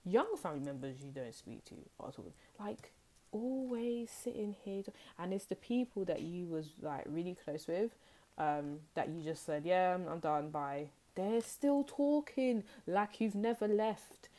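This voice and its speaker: A woman's voice: on the low side, lively intonation, a little slow, warm tone. A woman with a British accent giving a casual, chatty tarot reading to viewers, acting out what other people say. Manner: chatty, acts out quoted people with playful voices. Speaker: tarot reader.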